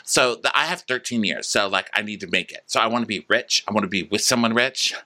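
Snarky man with a bright, forceful voice. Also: fairly low pitch, fast talker. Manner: snarky, jokey storytelling. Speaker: podcast co-host. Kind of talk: comedic reality TV recap.

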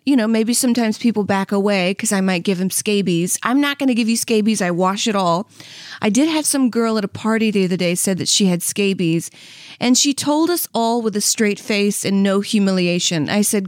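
A woman's voice: mid-range voice, normal speed, no room sound, studio quality. A woman in her thirties on a comedy podcast, rambling candidly and mocking herself, with lots of "like" and "you know what I mean.". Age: 30s. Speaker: podcast host. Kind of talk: comedic monologue.

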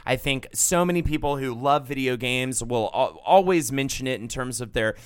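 A man co-hosting a podcast in casual chat. He is animated and jokey and laughs easily. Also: mid-range voice, moderate pace, clean tone, dry recording, studio quality. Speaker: podcast co-host.

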